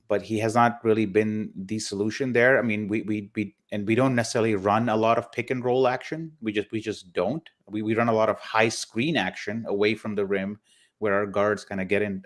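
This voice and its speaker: A man hosting a live basketball show, giving casual analysis in a halting way, often repeating words as he thinks. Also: on the low side, flat delivery. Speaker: basketball podcast host.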